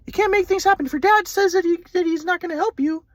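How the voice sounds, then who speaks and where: A man voicing his older grandfather, calm and lecturing in a raised, soothing voice. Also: very high-pitched, quick pace, dry recording, pitched above the performer's own voice. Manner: soothing, lecturing about oneness and trust.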